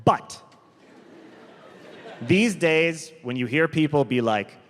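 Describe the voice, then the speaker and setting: A man performing a stand-up comedy set on stage, telling stories deliberately and drawn out, with quick asides. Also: a little high, lively intonation. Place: large theater stage. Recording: live comedy hall with long reverb, faint crowd noise.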